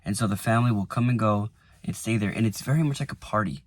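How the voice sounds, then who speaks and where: A man in his twenties, vlogging casually from inside his car, rambling with lots of fillers and going quiet when a memory moves him. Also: on the low side, fast talker, no room sound. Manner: rambling, lots of "like" and restarts, softens when emotional. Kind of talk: casual reflective vlog.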